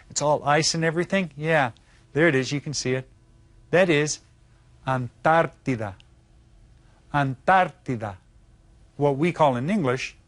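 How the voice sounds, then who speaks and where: A man teaching an elementary lesson, patient and slow, repeating words and checking in with his students. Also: fairly high pitch, no room sound. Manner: patient, explains slowly with repeats and check-ins. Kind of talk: classroom lesson.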